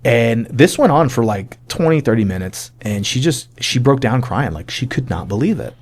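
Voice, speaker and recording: A man in his forties, an army sergeant major, telling a personal testimony in a casual, animated way, acting out the dialogue and talking with lots of fillers. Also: mid-range voice, moderate pace. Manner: animated, acts out quoted dialogue; casual, many fillers like "like" and "you know".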